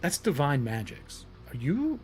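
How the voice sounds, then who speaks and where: A wary woman companion, put on by a game master confides in a low, hushed voice. Faint guitar music plays beneath. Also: wildly swooping pitch, unhurried, full character voice.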